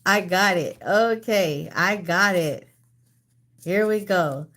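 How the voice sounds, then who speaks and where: A woman hosts a trivia game on a casual live stream, speaking slowly with an unhurried pace. She is out of breath and laughs between lines. She drifts off her phone mic now and then. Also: lowish voice, fairly bright tone. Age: older. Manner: chatty, laughing, reads out questions slowly. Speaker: livestream trivia host.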